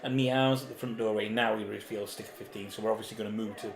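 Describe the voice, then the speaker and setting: A man's voice: fairly low pitch, fairly even intonation, fast, gravelly. A man co-hosting a board game playthrough, chatty, reading rules and story text aloud. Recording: echoey room with faint background noise.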